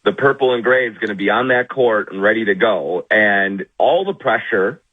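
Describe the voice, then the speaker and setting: A man's voice: fairly low pitch, lively intonation, normal speed. A man calling in as a weekly guest on sports radio, in casual banter with mock-humble sarcasm, over a phone line.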